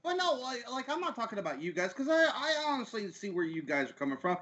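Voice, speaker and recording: A man ranting loudly and profanely in a casual wrestling chat. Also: sits high, very animated, quick pace. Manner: loud, rowdy and profane rants.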